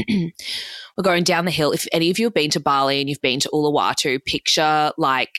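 A woman in her twenties with an Australian accent tells a long, fast, run-on story casually, swearing freely and linking every thought with "like." Her voice is low with a fairly bright tone, and there's no room sound.

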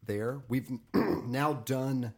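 A man's voice: medium pitch, extremely slow, creaky, a little mellow. A man co-hosting a podcast in casual chat, his throat dry and coughing from allergies. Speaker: podcast co-host.

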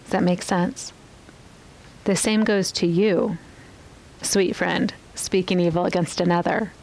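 A woman's voice: fairly low pitch, steady tone, measured pace, gravelly, a little mellow, rough recording. A woman teaching from the Bible in a podcast talk. She speaks earnestly and often turns to ask the listener questions.

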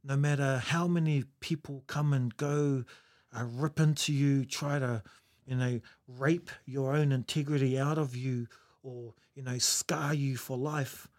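A man's voice: mid-range voice, fairly even intonation, unhurried, darkish tone. A New Zealand man telling stories in a casual chat, reflective, laughing often and using Maori words.

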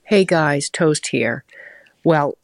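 Gravelly, wry female caller. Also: deep voice, animated, very slow. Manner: wry, joking. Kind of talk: recorded call-in message.

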